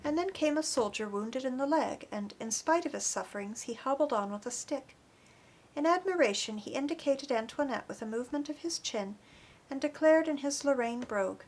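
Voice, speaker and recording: A woman reading an audiobook chapter in an earnest, expressive narration. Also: sits high, moderate pace, a little hiss or hum. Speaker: audiobook reader. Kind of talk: scripted narration.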